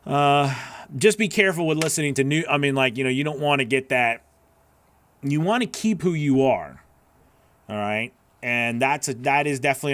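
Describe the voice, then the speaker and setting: A man's voice: mid-range voice, fairly bright tone, no room sound. A man hosting a live voice-over class, answering chat questions in an earnest, encouraging way that rambles with restarts.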